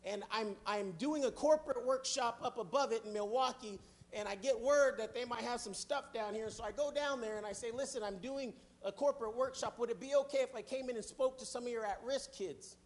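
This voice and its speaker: A middle-aged man preaching with fervor and a strikingly high voice. He swings from soft, low passages to ringing shouts at the congregation. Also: a little fast. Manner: fervent, building to shouts. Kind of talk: sermon.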